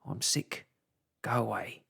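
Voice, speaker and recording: Whispered role-play: grumpy greedy lizard voiced by the narrator, gravelly and very breathy. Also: mid-range voice, slow, fairly bright tone, full character voice. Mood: cross. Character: grumpy, greedy male lizard, sulky and frantic.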